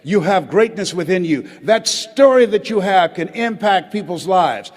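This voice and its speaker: High-voiced older man preaching in a hall. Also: lively intonation. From United States. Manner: calls for audience responses, dramatic pauses. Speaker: motivational speaker. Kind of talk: motivational speech to a live audience. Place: large auditorium. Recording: hall reverb.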